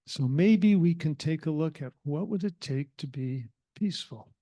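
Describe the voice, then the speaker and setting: A man giving a reflective sermon to a spiritual community, speaking with thoughtful pauses. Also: a little high, animated, mellow.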